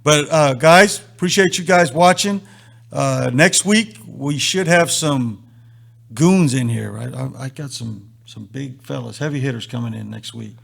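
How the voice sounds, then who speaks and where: A man's voice: mid-range voice, unhurried, vocal fry. A man hosting a live stream, telling a long story and acting out the lines of the people in it. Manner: animated storyteller acting out quotes. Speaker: host.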